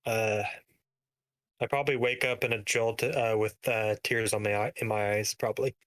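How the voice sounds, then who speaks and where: A man playing a tabletop game, talking casually and haltingly with many uhs. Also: fairly low pitch, steady tone, fairly bright tone. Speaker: player.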